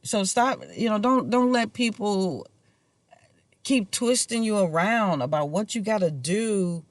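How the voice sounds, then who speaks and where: Musing casually through a rambling monologue to camera, this male vlogger chuckles to himself from time to time. He has a high, animated voice, speaks a little slowly, and the sound carries no echo.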